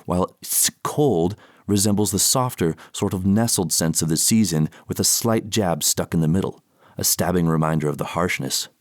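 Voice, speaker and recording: Man, very low voice, dry close sound, audiobook narration, mock-earnest and theatrical. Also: dry recording. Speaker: author reading his own audiobook. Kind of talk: audiobook narration of poems and essays.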